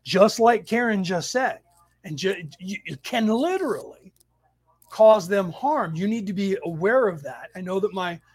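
A man hosting a spiritual study class on a live stream, telling stories in a rambling way with sudden loud outbursts, talking into a home computer mic. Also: high voice, animated, unhurried, slightly rough. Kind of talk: casual live-stream storytelling. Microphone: home computer mic over weak Wi-Fi.

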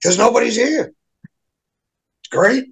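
A man's voice: extremely high pitch, lively intonation, measured pace, creaky, husky. A man in a casual chat, ranting in an exasperated, heavily profane way. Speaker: guest.

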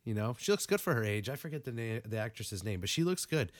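A young man co-hosting a casual movie review podcast, profane and animated, with a stuffy nose. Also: fast, dry recording, studio quality. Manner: animated, profane, acts out quotes in high voices. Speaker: podcast co-host.

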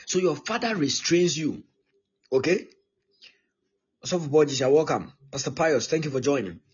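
Very husky pastor, emphatic. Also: male voice, fairly high pitch, lively intonation, moderate pace, a little mellow, dull audio. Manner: emphatic and repetitive, often checking in with "okay?". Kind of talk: live-streamed teaching sermon.

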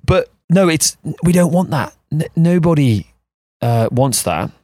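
Man, podcast co-host, rambling, self-mocking, lively pitch, dry close sound. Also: measured pace, no echo. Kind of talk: casual chat.

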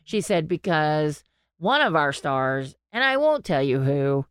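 A woman chats away on her podcast, spinning a long tale and slipping into the voices of the people in it. Her voice sits very low, and the recording is close and dry with no room sound. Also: measured pace, clear, resonant tone, dry recording. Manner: chatty storyteller, animated quoting. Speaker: podcast co-host. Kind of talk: casual chat.

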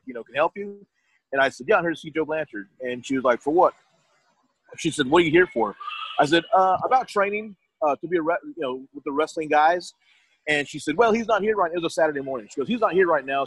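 A man's voice: on the high side, fairly bright tone, breathy edge, dry recording, low-quality recording. A middle-aged man telling his story in a casual, rambling way, often restarting his sentences and quoting others.

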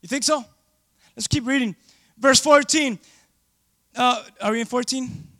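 A man preaching a sermon, calling out to the congregation for responses and swinging between loud exclamations and hushed asides. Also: very high voice, a little slow. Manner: animated, asks the congregation for responses.

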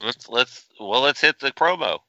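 A man as a co-host giving casual commentary in a dry, deadpan manner. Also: mid-range voice, moderate pace, dry recording. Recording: dull, dry lo-fi audio.

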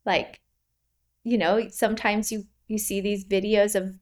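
A woman's voice: medium pitch, flat delivery, measured pace, darkish tone. A woman in her thirties recounting her birth story in a casual, rambling way, with many fillers and frequent laughs. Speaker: podcast guest. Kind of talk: personal story, casual interview.

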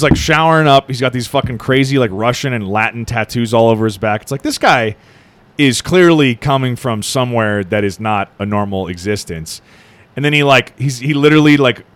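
A man in a casual podcast chat, tearing through movie scenes with excited, profane energy. His voice sits at a middling pitch, recorded close and completely dry with no room sound. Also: dry recording. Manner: animated, swearing, retells scenes in quick bursts. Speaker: podcast co-host.

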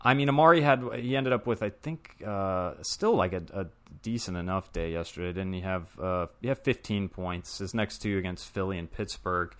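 A man's voice: deep voice, normal speed, fairly bright tone, clear, resonant tone. A man co-hosting a podcast, chatting casually and rambling with fillers and restarts. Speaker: podcast co-host. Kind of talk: casual fantasy football chat.

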